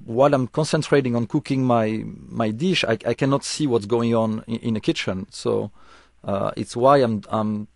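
A man's voice: mid-range voice, steady tone, moderate pace, vocal fry, darkish tone, dry recording, studio quality. A man who is a chef, answering radio interview questions earnestly, explaining with frequent restarts. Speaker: chef, studio guest.

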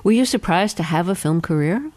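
A woman's voice: on the low side, expressive, brisk, a little mellow, dry recording, clean studio sound. A woman interviewing a guest, asking friendly, curious questions.

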